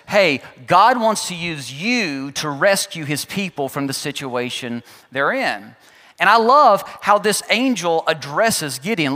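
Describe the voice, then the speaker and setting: A man's voice: sits high, long reverb tail. A man preaching a sermon, acting out quotes in changing voices. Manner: animated, acts out quotes in voices. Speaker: pastor.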